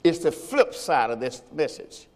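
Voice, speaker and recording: Man preaching a sermon, call-and-response, high animated voice, long hall reverb. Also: unhurried. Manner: call-and-response preaching, has the congregation repeat phrases. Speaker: pastor. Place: church service.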